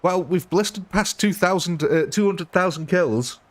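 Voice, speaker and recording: Hosting a live gaming stream, a man chats casually with viewers, rambling and mocking himself, often laughing at his own expense. His voice sits high, and he talks at a normal speed.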